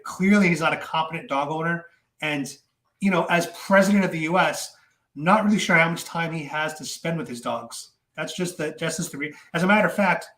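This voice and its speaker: A man giving casual political commentary to his viewers, animated and chatty with many fillers and repeats. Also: fairly high pitch, echoey room.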